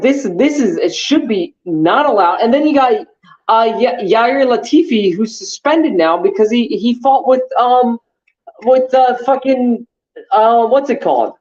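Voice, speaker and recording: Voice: mid-range voice, a little mellow, lo-fi sound. A podcast co-host in casual sports chat, ranting heatedly with lots of swearing and fillers.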